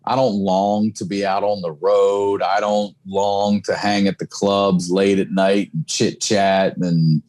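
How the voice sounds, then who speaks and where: A man's voice: fairly low pitch, flat delivery, slow pace, hardly any pauses, darkish tone. A man guesting on a podcast, talking candidly in casual chat and swearing freely. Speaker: comedian and single dad.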